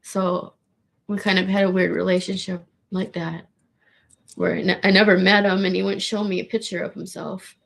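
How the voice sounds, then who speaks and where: A woman with a gravelly voice, rambling casually in a monologue with restarts and swearing. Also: medium pitch, little pitch movement, normal speed. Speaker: vlogger.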